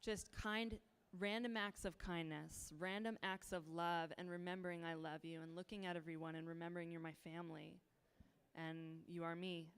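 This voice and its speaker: A woman's voice: fairly low pitch, little pitch movement, moderate pace, clean tone. A woman facilitating a sharing circle, speaking in a heartfelt, rhythmic way and inviting others to speak.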